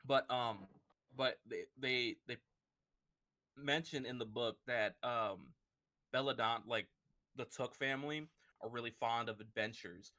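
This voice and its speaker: A man's voice: medium pitch, measured pace, pushed and bright. A man co-hosting a book club podcast, rambling casually with plenty of filler words and frequent laughter. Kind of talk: casual chat.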